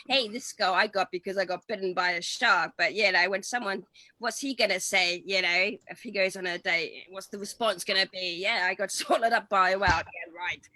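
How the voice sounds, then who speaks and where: Bright-voiced woman host, dry sound. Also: medium pitch, dry recording, poor audio. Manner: hesitant, many ums, chatty. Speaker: show host. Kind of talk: casual hosting chat.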